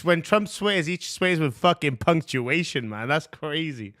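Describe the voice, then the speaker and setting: A man hosting a livestream panel, chatting casually with quick, profane, animated talk. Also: fairly high pitch, no echo, studio quality. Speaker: host.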